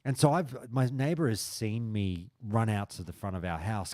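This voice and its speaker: A man's voice: lowish voice, moderate pace, no echo, clean studio sound. A man hosting a stream, chatting casually with his viewers and telling stories full of swearing. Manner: frequent swearing, animated storytelling. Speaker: stream host. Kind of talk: casual chat with live chat.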